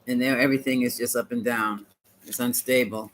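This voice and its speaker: A man's voice: medium pitch, a little fast, slight background noise, rough recording. Chatty man reading tarot on a live stream. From United States. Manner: chatty, animated, talks back to viewers, laughs often. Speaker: tarot reader.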